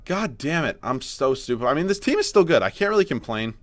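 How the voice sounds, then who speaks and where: A man's voice: a little high, sing-song, a little fast, dry recording, soft background music. A young man commenting on his own sports video game, frustrated and self-mocking, then pushing himself to sound upbeat. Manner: frustrated and self-mocking, swinging to forced cheer. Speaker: gaming YouTuber.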